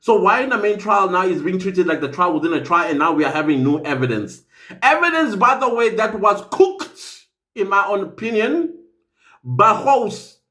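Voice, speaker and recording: Animated high-voiced South African man. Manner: animated, incredulous, emphatic. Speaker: commentator. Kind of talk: opinionated casual commentary.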